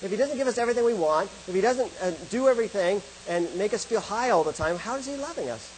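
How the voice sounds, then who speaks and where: The recording is rough, with a little hiss or hum, as a middle-aged man addresses an audience about love and faith. He is animated and fast, with a high voice of darkish tone, and he answers his own rhetorical questions.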